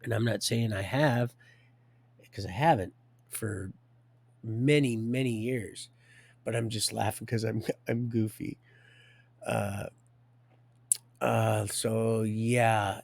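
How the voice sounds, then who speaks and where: A man's voice: fairly low pitch, steady tone, takes it slowly, vocal fry, long pauses, no echo. Rambling middle-aged man, dry sound. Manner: rambling, stops and restarts, chuckles a lot. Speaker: live streamer telling his life story. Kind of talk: rambling casual storytelling.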